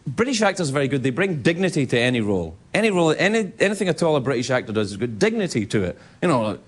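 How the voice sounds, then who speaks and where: A man doing live stand-up comedy with animated, punchy delivery and repeated punchlines. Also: medium pitch, very fast. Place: comedy venue with a laughing audience. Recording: live show with loud crowd and noise.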